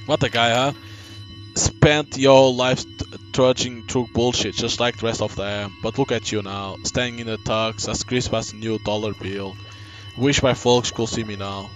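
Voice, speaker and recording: A man voicing a hard-drinking, struggling male writer who talks gruffly and curses a lot. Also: fairly low pitch, fairly even intonation, moderate pace, faint music behind, lightly acted, poor audio. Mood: wry. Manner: reads game dialogue aloud, gruff and cursing.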